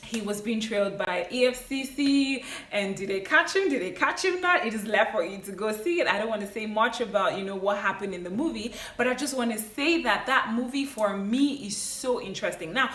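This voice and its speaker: A woman's voice: medium pitch, fairly quick, few pauses, a bit bright. A woman giving an enthusiastic, chatty movie review vlog, talking straight to her viewers and wandering off on side points. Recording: roomy echo, mic at a distance.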